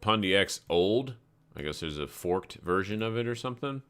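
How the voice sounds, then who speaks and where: A man's voice: on the low side, animated, normal speed, fairly bright tone, clean tone. A man hosting a live crypto trading stream, talking casually through charts and stories in a rambling, laid-back way and swearing freely. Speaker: crypto trading livestream host.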